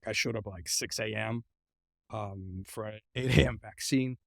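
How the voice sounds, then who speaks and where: A middle-aged man as an interview guest, earnestly recounting a personal ordeal, often halting and repeating words as he speaks. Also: on the low side, creaky, dry recording, studio quality. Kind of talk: personal storytelling in a conversation.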